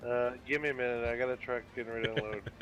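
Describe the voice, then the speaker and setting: A man on a group game stream, talking plainly with dry comments at a middle pitch. Game music plays clearly behind him. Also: fairly even intonation, very fast, fairly bright tone, muffled recording. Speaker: co-player on stream. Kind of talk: casual chat while gaming.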